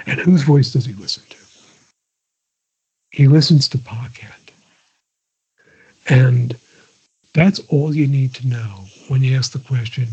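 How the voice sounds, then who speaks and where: A man's voice: mid-range voice, darkish tone, breathy edge. An older man, a guest in a casual interview, talking in a digressive way with many restarts and chuckles. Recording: dull lo-fi audio.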